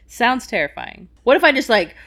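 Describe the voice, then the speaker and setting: A woman's voice: a little high, sing-song, normal speed, a bit bright, soft background music. A young woman co-hosting a podcast, chatting casually, laughing and arguing back. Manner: laughing, incredulous, argumentative. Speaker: podcast co-host. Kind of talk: casual chat.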